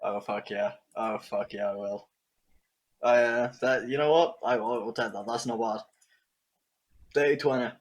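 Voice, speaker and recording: A man playing in a tabletop game, excitable, swearing and stammering. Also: medium pitch, measured pace, pauses often. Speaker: player.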